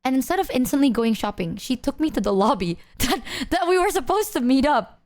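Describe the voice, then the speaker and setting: Chatty young woman streamer, higher voice. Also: lively intonation, a little fast. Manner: rambling storytelling full of "like" fillers; amused, laughs often. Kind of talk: casual chat to stream viewers.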